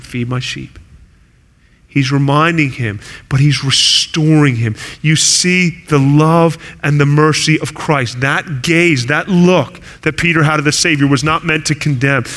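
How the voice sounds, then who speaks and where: A man's voice: on the high side, fairly bright tone. Preaching man in a reverberant hall. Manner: earnest preaching, rising to intense emphasis. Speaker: pastor. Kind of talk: sermon.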